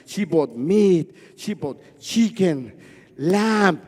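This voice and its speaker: Speaking extremely slowly but with animation, a Guatemalan man, Spanish being his first language, recounts a personal story on a festival stage. His voice is high and mellow, he stutters, and he leans on repetition for rhythm as long hall reverb hangs behind each line.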